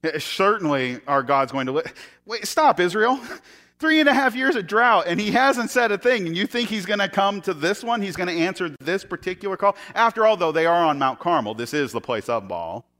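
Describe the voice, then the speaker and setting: A man's voice: very animated, brisk, sharp tone. A man preaching a sermon, retelling a scripture story with sarcastic jokes, laughing now and then and acting out the quoted lines in shifting voices. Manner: acts out quoted speech in higher and lower voices. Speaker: pastor.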